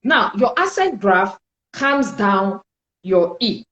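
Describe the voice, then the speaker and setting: A woman teaching French in a spoken lesson, explaining slowly and deliberately and repeating sounds for her learners. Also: medium pitch, sing-song, a bit bright, echoey room, muffled recording.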